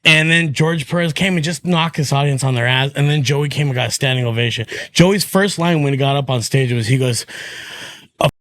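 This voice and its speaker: A man's voice: mid-range voice, brisk. A man, a stand-up comedian guesting on a podcast, telling stories in casual chat and acting out what other people said, swearing freely. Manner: animated, acts out quotes of others, swears freely.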